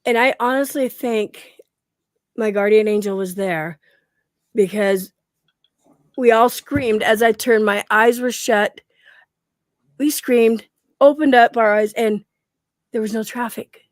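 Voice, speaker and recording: A woman's voice: on the high side, takes it slowly, long pauses, dry recording, studio quality. A middle-aged woman telling a story in a casual chat at home, acting out the quoted lines and laughing often. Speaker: guest.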